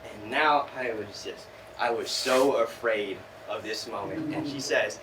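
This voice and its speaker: A young man from California telling a story live on stage, animated and self-mocking, acting out the people he quotes. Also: fairly low pitch, a little slow, background noise. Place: small theater stage. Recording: roomy theater sound from a distance.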